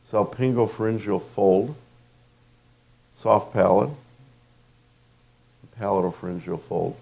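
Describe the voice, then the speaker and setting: A man's voice: lowish voice, gravelly, dark tone. A man giving an anatomy lecture to dental students in a conversational, anecdotal way with fillers and restarts.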